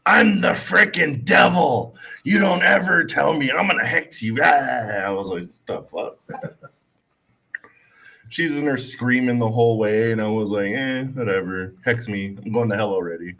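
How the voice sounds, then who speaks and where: A man's voice: fairly low pitch, a bit bright. A man telling a casual, laid-back story on a talk show, acting out the people he quotes. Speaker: co-host telling weekly stories.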